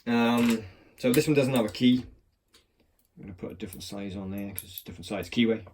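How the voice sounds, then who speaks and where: Man, rambling, sweary, casual, low-ish voice. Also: brisk, a little mellow, a little hiss or hum. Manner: rambling, swears, self-mocking. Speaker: lock picking hobbyist. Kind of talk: casual chat while demonstrating. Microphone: phone on a clamp.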